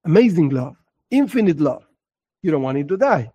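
High-voiced man teaching an expressive lesson. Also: normal speed, husky, muffled recording. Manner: expressive, acts out scenes and repeats words for emphasis. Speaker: religious teacher. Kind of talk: spoken lesson on religious texts.

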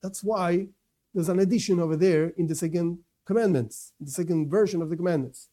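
A man's voice: high-pitched, a little fast, mellow. A man teaching a religious lesson, emphatic, often repeating himself and correcting his words mid-sentence. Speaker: Torah teacher. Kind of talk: religious lesson to non-Jews.

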